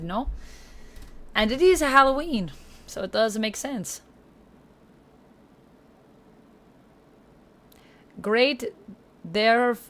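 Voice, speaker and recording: A woman hosting a gaming livestream, reading viewer comments aloud and chatting in a hammy mock Italian accent. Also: fairly high pitch. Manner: chatty, thanks viewers warmly by name. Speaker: livestream host.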